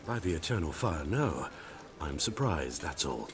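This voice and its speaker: An actor playing a wary, businesslike grain merchant in a video game, speaking stiffly and formally. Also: male voice, extremely low pitch, big pitch swings, unhurried, exaggerated voice.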